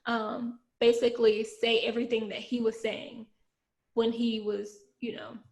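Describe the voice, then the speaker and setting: A woman hosting a podcast, with a gravelly voice, talking in a hesitant way full of fillers. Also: on the high side, level tone, a little slow, darkish tone. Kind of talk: casual podcast chat.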